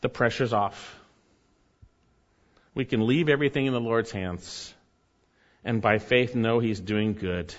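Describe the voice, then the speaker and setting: A man's voice: medium pitch, measured pace, long pauses. Man, pastor, sermon, earnest preaching, long hall reverb, slightly dull sound. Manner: earnest preaching with rising emphasis and asides.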